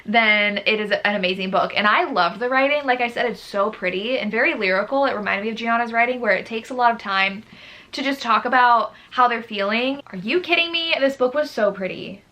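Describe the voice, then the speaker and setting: A young woman talking casually in a book vlog, animated and exasperated as she gushes and rants about a read. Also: on the high side, brisk. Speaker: book vlogger.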